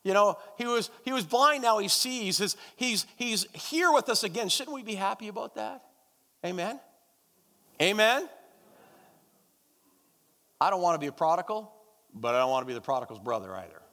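A man's voice: high voice, lively intonation, moderate pace, pauses often, bright, forceful tone. Emphatic male pastor in an echoing church. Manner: emphatic, repetitive, calls out to the congregation. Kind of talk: sermon and prayer. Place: church service. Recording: long church hall reverb.

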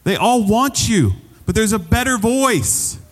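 A man's voice: high-pitched, big pitch swings, unhurried, big-room sound. A man preaching a sermon as pastor, conversational and repeating phrases for emphasis.

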